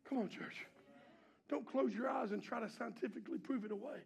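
A man with a strikingly high, gravelly voice preaches a sermon to his congregation in a church. He calls out to the listeners again and again, swinging from shouted exhortation to quiet, hushed lines. His tone is fervent and pastoral. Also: brisk. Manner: impassioned preaching, swings between shouting and hushed, low delivery; repeated call-and-response exhortations to the congregation.

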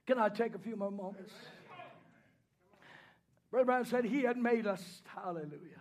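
A man preaching a sermon, swinging between hushed pleading and loud shouted declarations, punctuated by repeated hallelujahs and amens. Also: high-pitched, normal speed.

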